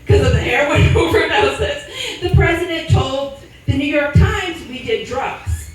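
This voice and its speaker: High, lively woman doing crude stand-up. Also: measured pace, slight background noise. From Sacramento, California. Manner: crude, self-deprecating storytelling. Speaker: stand-up comedian. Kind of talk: stand-up comedy set. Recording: echoey room mic'd from a distance.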